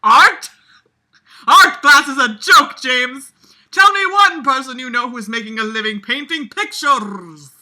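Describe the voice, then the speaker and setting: A woman reading aloud and voicing a sweaty, anger-prone male history teacher who shouts in a disgruntled tone. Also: sits high, a little slow, voice pushed up, exaggerated voice. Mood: angry.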